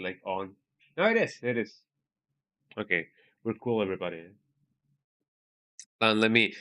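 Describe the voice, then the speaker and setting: A man's voice: fairly low pitch, muffled recording. A man chatting casually while streaming a video game, rambling with many restarts. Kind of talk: casual live-stream commentary. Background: game music.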